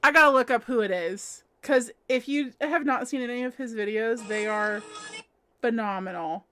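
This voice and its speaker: Woman, high voice, bright tone, casual livestream chat, giggly, reads comments aloud. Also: moderate pace. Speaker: livestream host. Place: at home.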